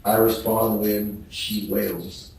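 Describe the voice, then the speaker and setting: A man testifying as a witness in a courtroom, reading text messages aloud in a slow, measured way. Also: fairly low pitch, level tone, creaky, a little mellow. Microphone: distant courtroom microphone. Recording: echoey courtroom audio from far off with faint noise.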